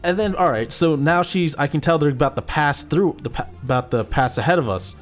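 A man in casual chat, telling road stories in a profane, animated way. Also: on the high side, brisk, faint music behind. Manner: profane, animated storytelling with acted-out quotes.

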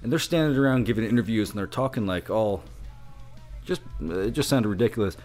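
A man swapping stories on a casual podcast, his voice sitting at an average pitch. He tells things animatedly and drops into the voices of the people he quotes, with faint music playing underneath. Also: expressive, a little fast, darkish tone. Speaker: podcast co-host. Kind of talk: casual storytelling chat.

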